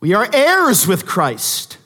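A man preaching a sermon, swinging from quiet storytelling asides to loud, emphatic peaks. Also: sits high, huge pitch swings, slow pace. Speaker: pastor. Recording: long hall reverb.

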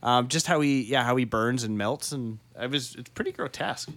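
A man co-hosting a casual podcast, talking in a rambling, halting way and laughing often. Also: mid-range voice, a bit bright, no room sound. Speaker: podcast co-host.

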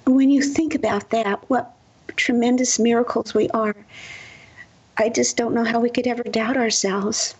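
A woman's voice: fairly high pitch, steady tone, normal speed, breathy edge, highs cut off. A woman who is a guest in an interview, telling spiritual stories earnestly and with many restarts.

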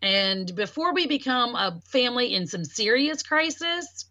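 A woman speaks in a bright, clear voice in casual podcast conversation. She tells her own story in an animated way and acts out the people she quotes. The sound is close and dry. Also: on the high side, a little slow, no echo. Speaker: podcast talker.

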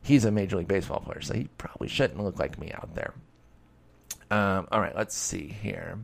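A man's voice: deep voice, expressive, normal speed, gravelly. A man hosting a casual solo podcast, answering listener questions in a rambling, self-deprecating way with bits of mock-heated sarcasm.

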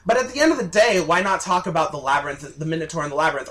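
High bright-voiced man ranting on a podcast. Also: very fast, hardly any pauses. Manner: heated, ranting, swears freely. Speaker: podcast co-host. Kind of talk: casual podcast chat.

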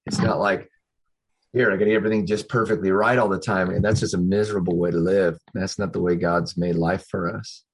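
A man's voice: deep voice, creaky, breathy edge. A man who hosts a church Q&A on a video call, talking earnestly and thinking aloud as he goes. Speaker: pastor hosting a Q&A. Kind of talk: casual discussion on a video call.

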